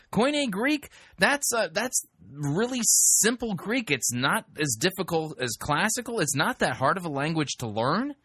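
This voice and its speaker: A man's voice: fairly high pitch, pushed and bright, slightly rough, no echo, clean studio sound. A man hosting a talk radio show, speaking in an emphatic, conversational way with frequent restarts.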